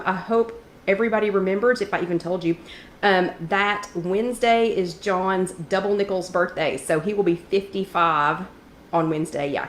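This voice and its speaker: A chatty woman hosts a casual live chat, stopping often to greet viewers by name. Her throat sounds a little scratchy from allergies. The room is echoey, with faint background noise. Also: on the low side. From East Tennessee. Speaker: host of a live wellness chat.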